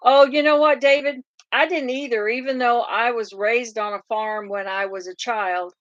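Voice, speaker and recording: A woman's voice: on the high side, fairly even intonation, moderate pace, a bit bright, dry recording, highs cut off. A middle-aged woman from Oklahoma with a Southern drawl, hosting a casual live farm chat and answering viewer comments in a rambling way with lots of fillers. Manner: chatty and rambling, many fillers and restarts. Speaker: farm livestream host.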